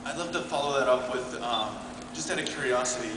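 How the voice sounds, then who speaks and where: A man's voice: medium pitch, fairly quick. A man in the audience asking a joking question, with some hesitation. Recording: echoey hall from far off, loud noise.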